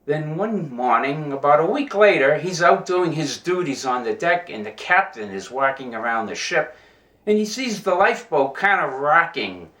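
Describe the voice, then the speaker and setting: A man telling jokes in a casual, animated way, in a fairly roomy recording. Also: on the high side, moderate pace. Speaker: joke teller. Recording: roomy echo.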